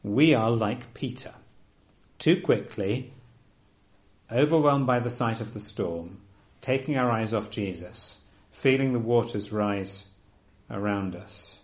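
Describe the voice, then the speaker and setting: A man preaching a sermon, earnest and emphatic, often dropping to a soft, quiet delivery. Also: fairly low pitch, takes it slowly.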